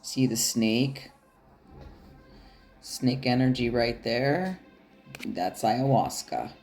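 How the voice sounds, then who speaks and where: A woman's voice: rumbling low, extremely slow, a little mellow, faint music behind. A woman giving a casual tarot reading straight to her viewers, chatty and loose, swearing now and then and laughing often. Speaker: tarot card reader.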